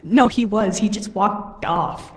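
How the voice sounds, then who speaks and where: A woman's voice: medium pitch, slow, a crowd in the background. A woman playing a game with friends, casual and teasing, repeating silly phrases for laughs. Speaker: co-player. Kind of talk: casual gaming chat.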